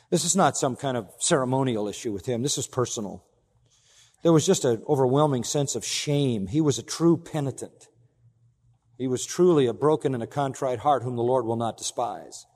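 A man preaching an expository sermon as pastor, emphatic, with big swings in pitch and loudness and rhetorical questions to the congregation. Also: long reverb tail.

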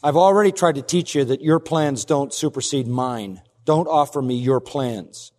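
A man's voice: medium pitch, moderate pace, darkish tone, long reverb tail. A man preaching an expository sermon as pastor, emphatic, acting out quoted lines in a raised voice.

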